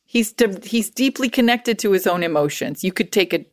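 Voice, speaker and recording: A woman playing a gushing podcast host who flatters her guest and rambles along. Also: mid-range voice, normal speed, no echo, clean studio sound, close to an everyday voice. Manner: fawning and rambling.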